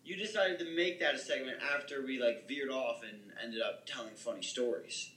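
A man's voice: medium pitch, normal speed, pushed and bright, low-quality recording. A young man co-hosting a podcast, rambling through a story in casual chat. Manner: rambling, self-deprecating. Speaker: podcast co-host.

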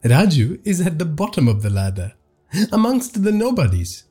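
A man reading a horror story aloud, voicing a lowly male servant who mocks and turns unhinged, in a taunting sing-song. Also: huge pitch swings, moderate pace, mellow, slightly rough, heavily acted.

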